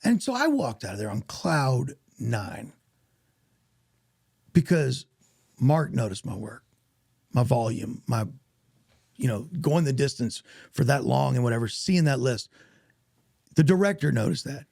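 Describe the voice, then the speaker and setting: Gravelly, animated male actor telling stories. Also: medium pitch, a little slow, pauses often, no room sound, clean studio sound. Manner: animated, acts out quoted voices. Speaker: actor guest. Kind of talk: casual storytelling interview.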